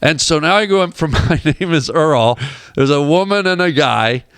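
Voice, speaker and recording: A man, a comedian, telling stories in casual chat as a guest in a radio studio, animated and acting out voices. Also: fairly high pitch, normal speed, clean tone, dry recording. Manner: animated storyteller who acts out voices. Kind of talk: casual storytelling on a radio show.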